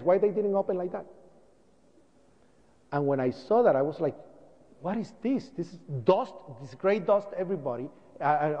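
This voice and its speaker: A man giving an emotional first-person account to an audience, telling it with dramatic storytelling and a voice that climbs and cracks at the worst moments. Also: high-pitched. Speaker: speaker giving a presentation. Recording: dull broadcast audio with long hall reverb.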